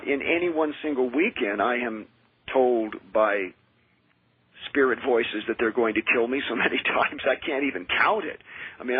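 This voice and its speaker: A man who is a minister and exorcist, telling his experiences in an earnest, measured way as a radio interview guest. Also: mid-range voice, husky, no room sound. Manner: earnest, measured, with frequent restarts. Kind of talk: radio interview, personal storytelling. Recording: tinny dry phone line.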